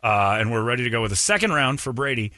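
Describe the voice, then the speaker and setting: Teasing, lively radio host man. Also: medium pitch, fast, dry recording. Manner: teasing, loud, joking. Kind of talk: morning radio banter. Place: radio studio.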